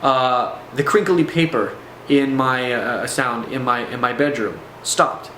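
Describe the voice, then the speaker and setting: A man's voice: medium pitch, slow pace, fairly bright tone. A man telling a personal story in a casual, rambling way, with fillers and restarts. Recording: echoey room, faint background noise.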